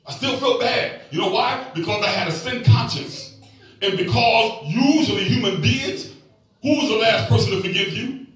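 A man in his sixties preaching a sermon, folksy and joking, drawing replies from the congregation. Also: high-pitched. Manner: animated, folksy, joking storyteller. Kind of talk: sermon with call-and-response. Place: church sanctuary. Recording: echoey church hall from far off, faint music.

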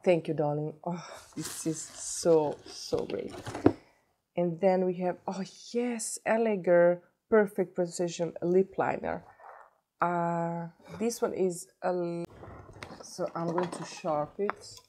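Beauty vlogger, woman from Sweden, has a cold, slightly low voice, gushing and giggly. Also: takes it slowly, slight background noise. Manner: excitable, gushing, breaks into giggles. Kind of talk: casual unboxing vlog.

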